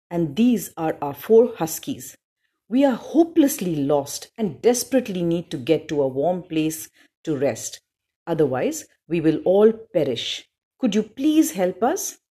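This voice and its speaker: A woman's voice: fairly low pitch, sing-song, a little slow, warm tone, breathy edge, full character voice. A woman voicing a frightened, polite young girl who pleads for help in a storybook reading. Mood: scared, pleading. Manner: pleading, through chattering teeth.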